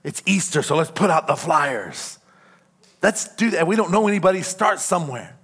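Man, high voice, pastor, sermon in a church, emphatic call-and-response preaching. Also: expressive, moderate pace, fairly bright tone, slightly rough. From California. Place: church sanctuary.

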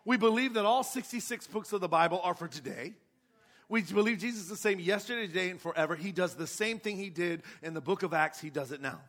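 A man's voice: high-pitched, quick pace, a bit bright. A man preaching a sermon with passion, asking his congregation rhetorical questions. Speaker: pastor.

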